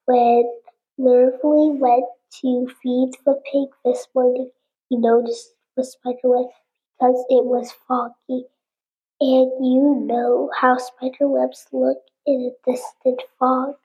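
A woman reading the lines of a stunned middle-aged male farmer in a storybook, halting and awed, on a dull lo-fi recording. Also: sits high, little pitch movement. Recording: dull lo-fi sound.

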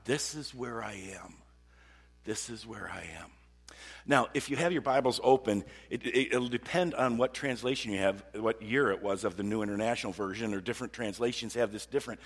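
A man preaching a sermon in an animated way, repeating words and swinging from loud outbursts to hushed tones. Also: fairly low pitch, slightly rough. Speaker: pastor. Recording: long hall reverb.

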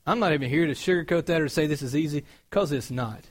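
A man preaching a sermon in a conversational, storytelling way, growing animated as he recounts events. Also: a little high, quick pace.

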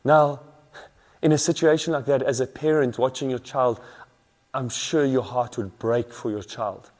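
A man's voice: medium pitch, fairly even intonation, unhurried, a little mellow. Man preaching an earnest sermon. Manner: earnest, repetitive preaching with rising emphasis. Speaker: pastor.

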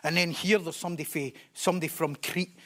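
A man's voice: a little high, fairly even intonation, quick pace, fairly bright tone. A man preaching a sermon, emphatic and repeating key phrases for stress.

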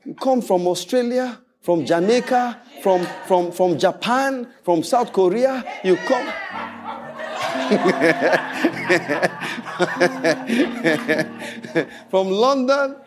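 A man preaching an animated sermon as pastor, playfully mimicking people and repeating declarations. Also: high-pitched, very slow, background noise.

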